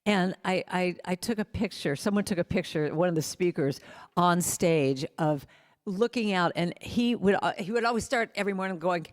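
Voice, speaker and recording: A woman's voice: lowish voice, moderate pace, darkish tone. Woman storyteller in a reverberant hall. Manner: personal storytelling, breaks into sung snippets. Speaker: guest speaker and musician. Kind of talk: spiritual talk. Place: spiritual center sanctuary.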